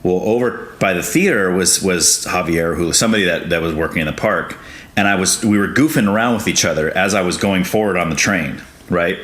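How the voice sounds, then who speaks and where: Podcast host, male, deep voice, animated storyteller who laughs a lot; roomy recording. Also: brisk. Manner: laughs often, animated when telling stories. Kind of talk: casual interview chat, storytelling. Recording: roomy with faint noise.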